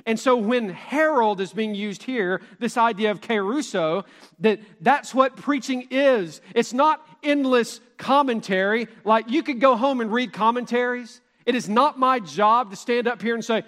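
A man with a high voice preaches from the pulpit, driving his points home with rhetorical questions. His words ring out with a long reverb through the church sanctuary. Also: moderate pace, fairly bright tone. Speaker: pastor. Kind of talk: sermon.

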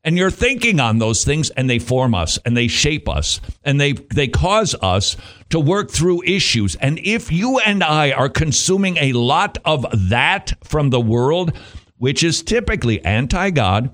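A man hosts a Christian talk radio show, his pitch swinging widely as he jokes his way through a monologue. He laughs often and throws in playful asides between points. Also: big pitch swings, measured pace, fairly bright tone.

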